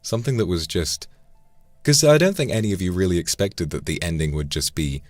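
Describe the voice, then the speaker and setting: A man's voice: low voice, expressive, fast, no room sound, faint music behind. A man casually chatting on a livestream, swearing now and then and tripping over repeated words. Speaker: streamer.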